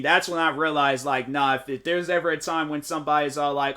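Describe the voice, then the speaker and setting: A man, a game streamer telling stories in casual chat and jumping into high mock voices. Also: fairly quick. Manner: animated storytelling, jumps into high-pitched mock voices. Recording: music playing behind.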